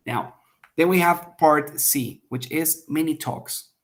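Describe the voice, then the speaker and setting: A man's voice: on the high side, slow. Man teaching test prep, many "okay?" checks. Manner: explains step by step, checks in with frequent "okay?"; acts out example lines with sharp emphasis. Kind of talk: online class lecture.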